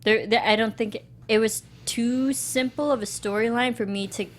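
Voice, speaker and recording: A woman co-hosting a casual movie review podcast, bubbly and animated. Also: on the high side. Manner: bubbly, animated, quick to laugh. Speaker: podcast co-host.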